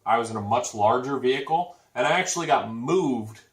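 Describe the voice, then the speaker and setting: A man's voice: mid-range voice, animated, fairly quick, recorded from a distance. A man co-hosting a casual chat show, adding dry joking asides. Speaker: podcast co-host. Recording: echoey room, off-mic.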